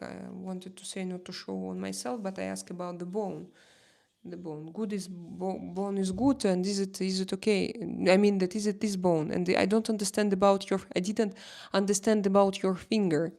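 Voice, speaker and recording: A woman with a Slavic accent hosting a casual livestream chat, answering viewers' comments in halting, animated English full of restarts. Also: medium pitch, gravelly. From Slavic country. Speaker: livestream host.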